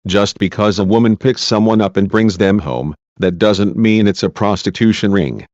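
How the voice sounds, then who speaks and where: Man voicing a defiant tired woman witness, snappy, low voice, dry sound. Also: normal speed, a little mellow, dry recording, natural voice. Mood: exasperated. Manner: exasperated, snapping back. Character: agitated, worn-out female witness, defiant. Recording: dull lo-fi dry recording.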